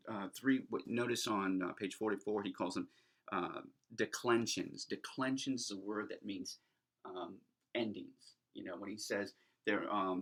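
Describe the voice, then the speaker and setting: A man's voice: on the low side, fairly bright tone. A middle-aged man giving an informal lecture on Greek grammar, talking in a chatty way with many ums and restarted sentences.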